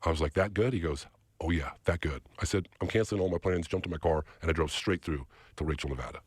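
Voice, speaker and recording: A man's voice: deep voice, fast talker, husky, no echo, studio quality. A man, a podcast guest, telling a long story with energy and acting out other people's lines in quotes. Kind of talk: animated storytelling.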